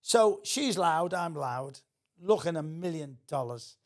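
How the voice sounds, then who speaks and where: A man's voice: a little high, lively intonation, takes it slowly. An older man, telling a theatrical anecdote as a podcast guest. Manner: theatrical storyteller.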